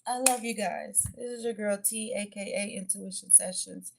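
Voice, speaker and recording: A woman's voice: medium pitch, steady tone, normal speed, vocal fry, background noise. A woman giving a casual tarot and oracle card reading to her viewers, chatty and blunt, swearing freely and calling them babies and y'all.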